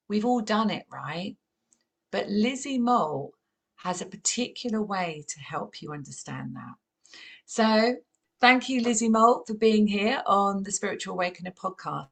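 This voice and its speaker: A woman's voice: mid-range voice, a little slow, gravelly, husky. A woman with a Southern English accent hosting a podcast interview, chatty and encouraging, with frequent affirming interjections. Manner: animated, encouraging, many affirming yeahs. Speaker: podcast host. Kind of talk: conversational interview.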